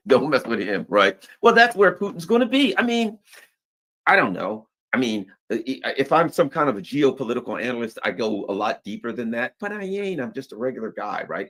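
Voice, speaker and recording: A middle-aged man giving casual, rambling political commentary in a slangy, animated way. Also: mid-range voice, fast. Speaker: news commentary host.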